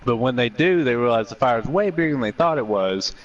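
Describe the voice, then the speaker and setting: A man in casual chat, telling stories in an animated, profane way. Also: medium pitch, a little fast, recorded from a distance, lo-fi sound.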